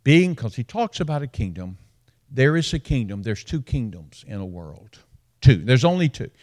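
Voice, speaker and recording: A man with a Southern US accent preaching a sermon as a pastor, repeating phrases for emphasis and swinging between hushed and raised delivery. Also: medium pitch, very animated, normal speed.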